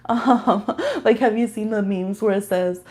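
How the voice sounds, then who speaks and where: A woman's voice: medium pitch, measured pace, a little mellow. A woman giving a casual live-stream tarot and astrology reading, chatting straight to her viewers and laughing often as she pulls cards.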